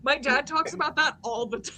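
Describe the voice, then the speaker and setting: A woman from upstate New York telling lively stories on a convention panel, often laughing as she talks. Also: sits high, a little fast, crowd noise. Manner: animated, laughs through her stories. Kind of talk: casual panel storytelling.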